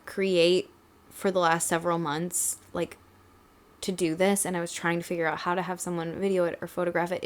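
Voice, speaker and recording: Brief: young woman, casual podcast co-host, lowish voice, loose filler-heavy chat. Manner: chatty, many "like" fillers, tearful at times.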